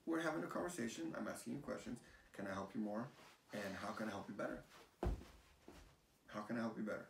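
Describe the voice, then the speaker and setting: A man with a low, gravelly voice talks with animated, rambling energy and circles back to repeat his points. The sound comes from a distant mic in an echoey room. A faint hiss sits underneath. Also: fast talker, long pauses. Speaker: realtor guest. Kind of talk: casual chat.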